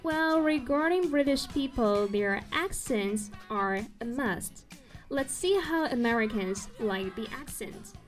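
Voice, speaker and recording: Woman narrating an explainer, a bit high voice, earnest, trips on words sometimes, soft music under. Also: lively intonation, slow. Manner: earnest, occasionally stumbles and corrects herself. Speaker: video presenter.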